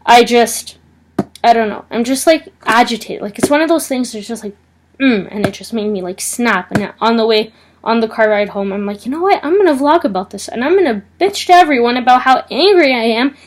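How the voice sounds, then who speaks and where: A woman's voice: on the high side, animated, fairly quick, background noise. A young woman vlogging, telling an indignant, agitated story in a casual rant.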